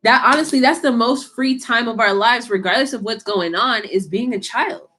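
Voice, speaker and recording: A woman's voice: on the high side, normal speed, pushed and bright, a little hiss or hum. A woman giving a casual tarot reading to camera, talking in a blunt, slangy, scolding way and swearing freely. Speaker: tarot reader.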